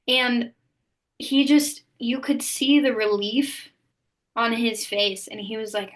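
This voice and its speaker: A woman's voice: fairly high pitch, slow. A woman who coaches at the college level, talking casually in an upbeat, encouraging way and often saying "like". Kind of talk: casual chat.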